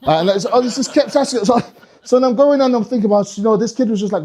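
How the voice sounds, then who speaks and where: A man's voice: very high-pitched, fast, a little mellow. A male comedian telling a stand-up story in a rambling, sweary way, often restarting his sentences. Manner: rambling, sweary, self-interrupting.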